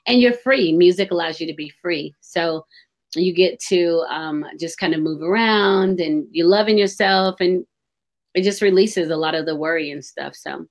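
A woman's voice: fairly low pitch, normal speed. A woman hosting a radio talk show, chatting openly and expressively and laughing easily.

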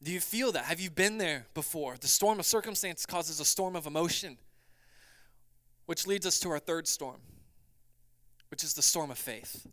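A man preaching a sermon as pastor, swinging between loud urgency and quiet, hushed passages. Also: a little high, normal speed, no room sound.

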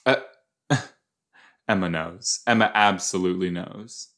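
A man's voice: low-pitched, measured pace, a bit bright. A man hosting a podcast, rambling playfully and reacting casually to an episode as he watches, with silly made-up words. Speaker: podcast host.

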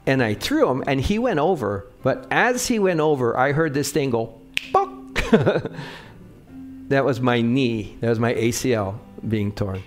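A man's voice: medium pitch, animated, normal speed, faint music behind. A middle-aged man preaching a sermon with personal stories, talking conversationally and often checking in with the congregation. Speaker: pastor.

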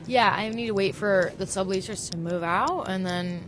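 A young woman guesting on a casual podcast chat. She talks in an easygoing way and answers with quick agreements. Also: medium pitch, background noise. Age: young adult. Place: airport terminal. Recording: busy airport crowd behind.

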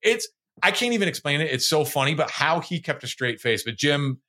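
A man co-hosting a casual podcast, talking with a bright, forceful edge. He laughs often and trips over his own words, starting sentences again in quick bursts. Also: fairly high pitch, sing-song. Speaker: podcast co-host. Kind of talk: casual chat.

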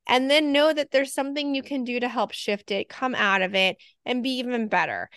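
A woman's voice: on the high side, a little fast, fairly bright tone, smooth, no room sound, studio quality. A woman in her thirties, a podcast co-host, talking earnestly in casual chat and acting out her own inner thoughts.

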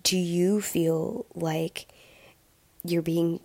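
A woman's voice: fairly even intonation, extremely slow, mellow, no room sound. Woman podcast host with a sick voice. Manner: earnest, reflective, many ums. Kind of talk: solo podcast talk. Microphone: home podcast mic with difficulties. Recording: dry, close, low-quality audio.

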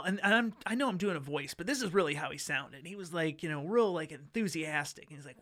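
A man's voice: on the high side, expressive, fast, few pauses, fairly bright tone. A man telling a story in casual chat, rambling and wry with lots of fillers.

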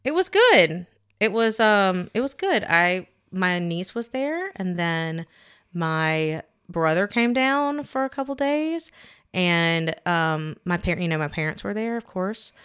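A woman's voice: lowish voice, very animated, takes it slowly, a bit bright, smooth. A young adult woman co-hosting a podcast, chatting casually and telling stories with lots of fillers and restarts. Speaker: podcast co-host. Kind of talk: casual chat.

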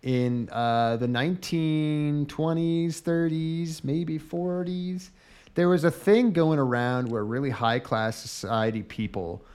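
A man's voice: fairly high pitch, slow pace, darkish tone, clean tone. A man co-hosting a casual podcast, rambling and swearing as he explains, often trailing off. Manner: rambling, profane, trailing off at the ends of thoughts. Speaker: podcast co-host.

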